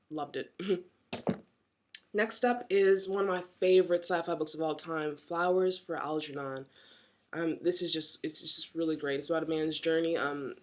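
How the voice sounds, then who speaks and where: A woman in her twenties chatting in a casual book haul vlog, rambling and enthusiastic, with lots of fillers and frequent laughs. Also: sits low. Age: 20s. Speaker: university student vlogger.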